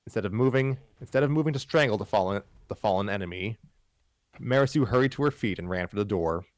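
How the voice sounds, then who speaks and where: A man's voice: fairly low pitch, quick pace, dry recording, studio quality. A man hosting a live stream, reading a fan story aloud with frequent stumbles, restarts and wry asides.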